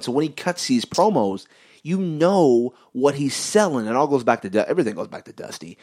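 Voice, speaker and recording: A man co-hosting a casual podcast chat, telling stories with big swoops of pitch. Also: moderate pace. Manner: animated storytelling with swoops of pitch. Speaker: podcast co-host.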